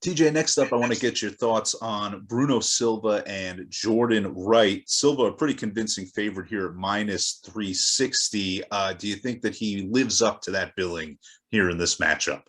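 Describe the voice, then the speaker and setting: A man hosting a sports betting show, introducing each matchup with brisk, upbeat lead-ins. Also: fairly low pitch, a bit bright. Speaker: show host. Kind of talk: introducing segments to an analyst.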